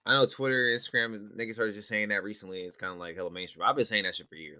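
A man in a casual chat, talking in an animated, profane and needling way. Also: fairly low pitch, racing, dry recording, clean studio sound. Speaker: podcast co-host.

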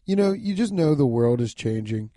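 A young man hosting a casual solo podcast, rambling loudly and profanely while lying down and yawning. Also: medium pitch, expressive, normal speed, dry recording, clean studio sound. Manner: loud, rambling, profane, laughing at his own jokes. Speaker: podcast host.

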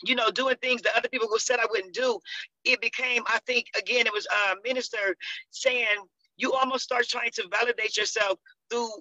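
A woman's voice: on the high side, steady tone, brisk, sharp tone, no room sound. A woman, a contributing author, sharing her personal story in an earnest, conversational way. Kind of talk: personal testimony. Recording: dull, dry sound.

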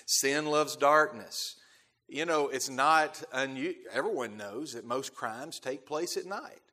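A man preaching a sermon as pastor, emphatic, repeating key phrases and swelling loud on key words before dropping to quiet asides. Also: medium pitch, slow. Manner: emphatic, repeats key phrases, quotes scripture in King James wording.

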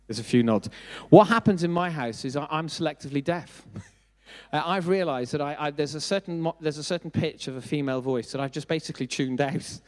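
A man's voice: fairly high pitch, fairly quick. A middle-aged man preaching a sermon, speaking conversationally with self-deprecating asides and questions put to the congregation. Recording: long hall reverb.

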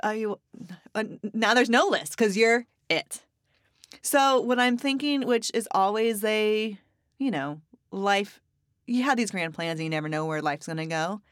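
A woman's voice: mid-range voice, animated, unhurried, a bit bright, no echo, clean studio sound. A woman hosting a casual podcast, chatty and playful, joking and laughing easily with her co-host.

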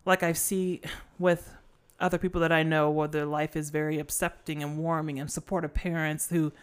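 A woman's voice: low voice, flat delivery, normal speed, smooth. A woman co-hosting a casual film podcast, talking in a rambling way with many fillers and restarts. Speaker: podcast co-host. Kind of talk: casual chat about a film.

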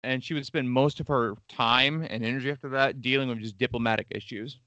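Bright, irreverent male podcast host. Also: medium pitch, fairly even intonation, brisk, no echo, dull audio. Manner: irreverent, joking asides with profanity. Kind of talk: casual history chat.

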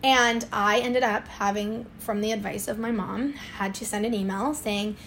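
A young woman, telling a lively story in a casual podcast chat. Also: medium pitch, a little hiss or hum. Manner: animated storytelling, quick swings in loudness. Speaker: swim school owner, guest.

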